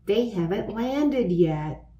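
A woman's voice: mid-range voice, lively intonation, slow, warm tone. Lady doing a brainy kid, dry and precise, echoey room. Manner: precise, matter-of-fact. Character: brainy know-it-all boy.

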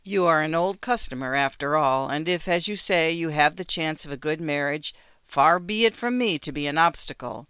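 A sharp-tongued male shop dealer, as a reader puts him on, with a dry, biting voice. He talks curtly and impatiently, the voice clean and close. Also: mid-range voice, moderate pace, clean tone, no echo, lightly acted. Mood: smooth salesman. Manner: brusque, impatient, mocking chuckles.

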